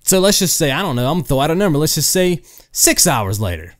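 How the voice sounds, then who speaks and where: Animated man ranting to camera. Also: on the high side, fast talker. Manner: animated, rhetorical, keeps asking "right?"; storytelling with hypotheticals. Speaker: gaming video host. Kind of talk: casual rant to camera.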